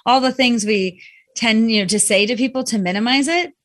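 High-voiced woman explaining emotions. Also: fairly quick. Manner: reflective, animated with quoted voices. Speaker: guest speaking on emotions. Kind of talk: conversational explanation.

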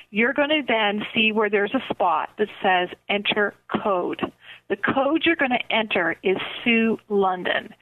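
A middle-aged woman with a Canadian accent hosting a radio show, talking to listeners in an enthusiastic, gushing way. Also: medium pitch. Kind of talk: upbeat radio chat with promotions. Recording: phone-line quality audio.

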